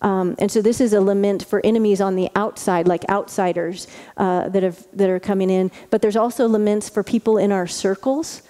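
A woman's voice: medium pitch, fairly even intonation, brisk, dark tone. A woman pastor giving a conversational sermon, chatty and full of asides and restarts. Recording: long reverb of a large hall.

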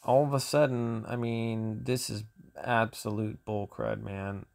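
A man's voice: fairly low pitch, fairly even intonation, unhurried, creaky, darkish tone. A man commentating his own gameplay for his channel, grumbling and exasperated, often sighing. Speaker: gaming channel host.

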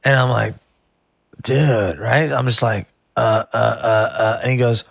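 A man's voice: medium pitch, unhurried, creaky, breathy edge, dry recording, studio quality. A man who works as a barber, telling a rambling story in casual chat and calling the listener "bro". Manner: animated, rambling, says "bro" a lot.

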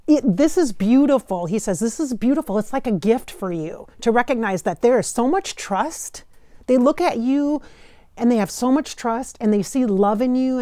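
A woman from Minnesota talking casually as a channeler, relaying messages in quotes, chatty, and slowing down for emphasis. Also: on the high side, dark tone, no room sound, clean studio sound. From Minnesota, United States. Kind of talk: casual spiritual channeling talk.

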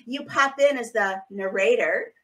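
Bright-voiced woman podcast host. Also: mid-range voice, expressive, normal speed. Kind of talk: casual podcast interview.

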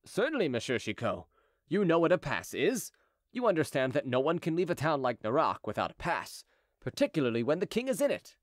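A man's voice: fairly high pitch, huge pitch swings, fairly quick, dry recording, studio quality. A man voicing a polite but stubborn male gate officer who talks in a courteous, unyielding way.

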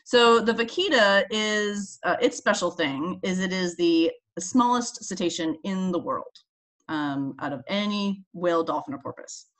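Woman, scientist co-host, casual explainer, lower pitch, laughs a lot. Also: measured pace, a bit bright. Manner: chatty, explanatory, laughs often. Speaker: marine mammal scientist co-host. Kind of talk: casual educational chat.

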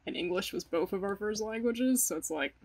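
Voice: mid-range voice, a little fast, rough recording. A student from Maryland telling stories in a documentary interview, animatedly acting out quotes.

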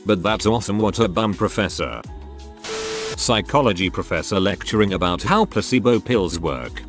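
A man's voice: lowish voice, moderate pace, music in the background. A man reading online stories aloud as scripted narration, with a wry, dry storytelling manner.

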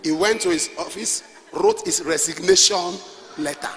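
A man with a Nigerian accent preaching a sermon, shifting from quiet asides to shouted calls and leading the congregation in prayer. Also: a little high, normal speed. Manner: emphatic preaching, alternating soft asides with shouts; leads call-and-response prayer and prays in tongues. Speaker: pastor. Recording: reverberant hall with faint noise.

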